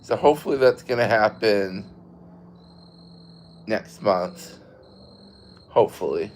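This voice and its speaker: A man in his thirties chatting casually with viewers from his porch at night, relaxed and talkative. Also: lowish voice, slow pace, a little hiss or hum. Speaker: livestream host. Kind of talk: casual chat.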